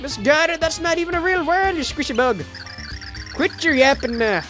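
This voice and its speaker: Reading game dialogue over background game music, a man with a Southern US accent voices a blustering, hot-headed warrior brute. His Scottish brogue keeps slipping back into his own accent, delivered with shouty bravado in a very high, pushed-up, animated voice at a moderate pace.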